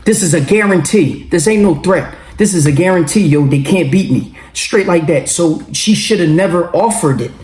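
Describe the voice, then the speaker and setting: Man, higher-voiced, profane storyteller, roomy echoey take. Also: normal speed, few pauses. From Philadelphia. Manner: animated and profane, acting out quoted lines. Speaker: storyteller recounting his own case. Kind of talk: casual storytelling to camera. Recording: roomy echo.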